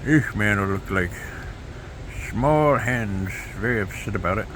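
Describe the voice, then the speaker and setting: A man's voice: fairly low pitch, lively intonation, a little slow, fairly bright tone, slight background noise. A man rambling sardonically in a solo video monologue, jumping between mock quotes and asides. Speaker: video blogger.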